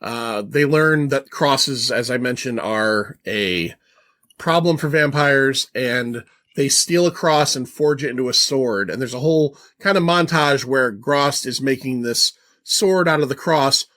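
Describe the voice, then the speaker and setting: Relaxed man asking questions on a podcast. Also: mid-range voice, measured pace. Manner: questioning, relaxed, occasional swearing. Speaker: podcast co-host. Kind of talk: casual film discussion.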